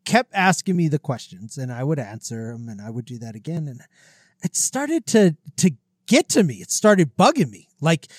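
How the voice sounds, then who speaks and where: Guy cohosting a podcast, kinda high voice, swears a lot, breathes right on the mic. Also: a little mellow, no room sound, studio quality. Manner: blunt, swears freely, jokes about himself. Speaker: podcast co-host. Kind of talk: casual chat. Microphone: close podcast mic, breathes into it.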